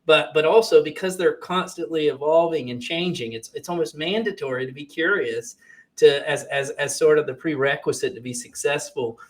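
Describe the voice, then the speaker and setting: A man's voice: on the high side, moderate pace. A man hosting a casual conversation, often hesitating and restarting his sentences with fillers.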